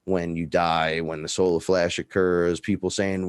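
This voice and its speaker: Low-voiced man telling wild stories. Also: unhurried, clean tone, dry recording, studio quality. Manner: profane, animated, acts out dialogue in his stories. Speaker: guest. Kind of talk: casual storytelling chat.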